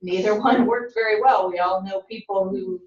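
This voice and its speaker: A woman giving a relaxed classroom lecture, chatting and joking with her students. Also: medium pitch, normal speed. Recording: dull, roomy, from a distant mic.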